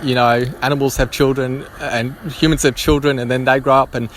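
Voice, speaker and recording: A man's voice: medium pitch, flat delivery, brisk, background noise. A man vlogging his spontaneous musings, talking hesitantly with many restarts and ums.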